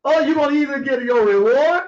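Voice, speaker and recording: A man teaching scripture like a preacher. He reads verses slowly and then explains them in a casual, conversational way, often chuckling to himself. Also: extremely high pitch. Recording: roomy, dull lo-fi audio.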